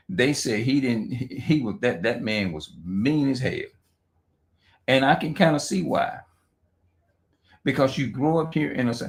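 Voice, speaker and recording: Profane rambling man on a livestream. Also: medium pitch. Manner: rambling, profane, heavy restarts and repeated words; halting slow reading aloud with stumbles. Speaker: livestream host. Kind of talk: unscripted livestream monologue.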